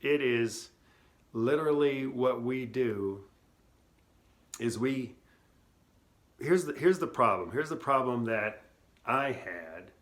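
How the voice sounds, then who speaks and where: A middle-aged man telling his founder story in a casual, earnest way, talking with many asides and restarts, recorded on his phone. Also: mid-range voice. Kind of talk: casual personal testimony.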